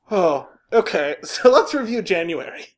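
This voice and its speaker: Co-hosting a podcast, a woman with a fairly low voice keeps the chat casual, lively and full of laughter.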